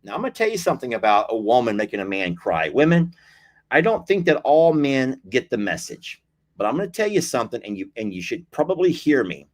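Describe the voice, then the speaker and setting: A man's voice: mid-range voice, big pitch swings, brisk. A man hosting a casual livestream, chatting, reading viewer comments aloud, laughing often and teasing. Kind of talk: casual live-stream chat.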